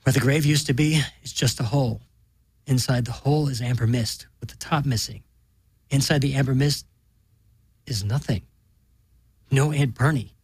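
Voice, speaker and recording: A man reading a story aloud in a deadpan, matter-of-fact way. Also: medium pitch, moderate pace, long pauses, slightly rough, no echo. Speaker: narrator.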